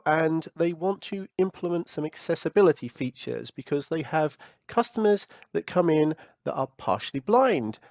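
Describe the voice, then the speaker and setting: Man walking through a software tutorial. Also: a little high, no echo. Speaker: tech tutorial host.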